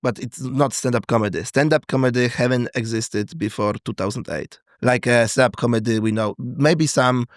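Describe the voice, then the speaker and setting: A man's voice: mid-range voice, dry recording, studio quality. A man from Poland speaking English with a Polish accent as a guest comedian, chatting casually and searching for words. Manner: halting, searching for words, many fillers. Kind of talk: casual podcast chat.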